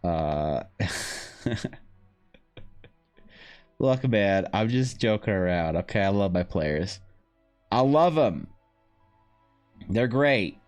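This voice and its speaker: A man streaming live while drawing, chatting casually in a rambling, joking way with animated asides. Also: lowish voice, extremely slow, pauses often, faint music behind. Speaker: streamer and game master. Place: home streaming setup.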